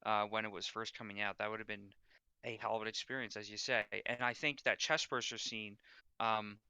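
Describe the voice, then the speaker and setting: A man's voice: fairly low pitch, little pitch movement, brisk, bright, forceful tone, clear, resonant tone, dry recording. A man co-hosting a film podcast, often stammering and repeating words as he starts a thought. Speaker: podcast co-host. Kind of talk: casual film discussion.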